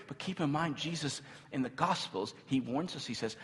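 A man in his thirties preaching a sermon, telling a story in an animated way and turning to the audience with asides. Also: medium pitch, fast, hardly any pauses. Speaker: pastor. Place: church hall. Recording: long hall reverb.

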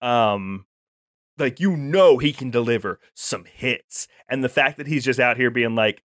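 A man's voice: mid-range voice, animated, a little slow, a bit bright, no echo, studio quality. A man co-hosting a casual podcast chat, talking with enthusiasm, rambling through fillers and restarts as he reviews a show. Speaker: podcast co-host.

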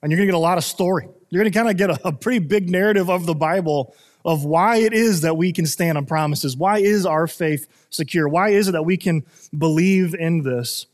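A man's voice: fairly high pitch, brisk. A male pastor preaching a sermon in an earnest way, with many fillers and restarts. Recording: long reverb of a hall.

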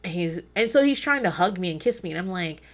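A woman's voice: on the low side, a little fast. Blunt, swearing woman podcast host. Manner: blunt, profane, animated storytelling. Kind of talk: casual podcast commentary.

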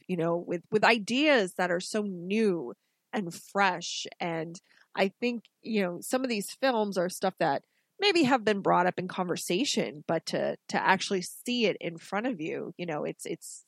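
A woman co-hosting a casual podcast, telling stories in a chatty, animated way. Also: medium pitch, dry recording. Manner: chatty, animated storytelling with restarts. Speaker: podcast co-host.

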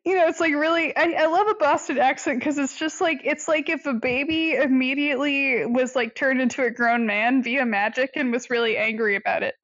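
A woman's voice: sits high, brisk, few pauses, fairly bright tone, dry recording, muffled recording. A woman chatting casually as a podcast co-host, giggly and full of fillers. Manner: giggly, with lots of fillers and playful put-on voices. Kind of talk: casual chat.

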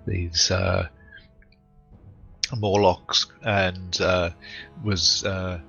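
A man playing a tabletop game, talking haltingly with many fillers. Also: low-pitched, level tone, creaky, bright, forceful tone, slightly rough, soft background music. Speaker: player. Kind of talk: casual tabletop play. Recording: dull lo-fi recording.

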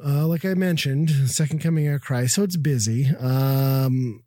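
A man's voice: medium pitch, a little slow, dark tone, no room sound, studio quality. A middle-aged man from the Midwest telling a profane, exasperated story in casual chat. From American Midwest.

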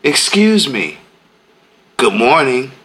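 A man from Atlanta co-hosts a casual podcast. He talks bluntly, teases, and swears freely, in a bright voice that swings widely in pitch. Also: big pitch swings, takes it slowly. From Atlanta, Georgia. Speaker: podcast co-host.

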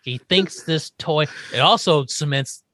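A man recaps a sitcom episode with a podcast co-host, chatting casually. He jumps into the characters' lines with animated voices. The recording sounds dry and close. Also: on the high side, unhurried, no echo. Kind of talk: casual chat.

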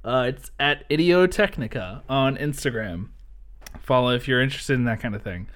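A man co-hosting a podcast in casual chat, telling stories with lots of laughter and quick mimicry. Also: medium pitch. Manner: animated storyteller, mimics voices with laughter. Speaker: podcast co-host.

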